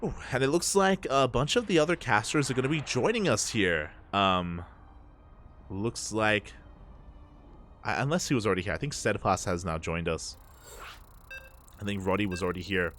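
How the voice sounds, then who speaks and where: A man's voice: lowish voice, moderate pace, pauses often, a bit bright, slight background noise. An Australian man casting a live esports match, chatty and loose, laughing often between play-by-play. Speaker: esports caster.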